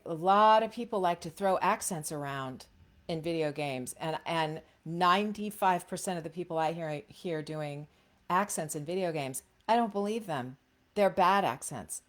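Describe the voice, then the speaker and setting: A middle-aged woman coaching voice actors in a casual, frank teaching talk, chatty with many fillers and restarts. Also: fairly low pitch.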